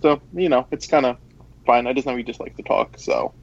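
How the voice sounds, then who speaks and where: A man's voice: medium pitch, huge pitch swings, a little fast, darkish tone. A man co-hosting a casual sports talk show, laid-back and a bit hesitant. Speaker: podcast co-host. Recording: dull lo-fi sound.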